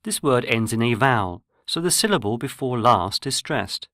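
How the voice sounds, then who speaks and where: Male narrator for a language course, measured and explanatory, mid-pitched, dry close recording. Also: expressive, fairly bright tone, dry recording. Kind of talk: scripted lesson narration.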